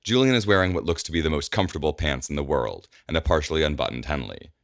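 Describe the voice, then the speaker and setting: A man reading scripted narration in a measured, descriptive way. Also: extremely low pitch, lively intonation, creaky, fairly bright tone, no room sound, clean studio sound.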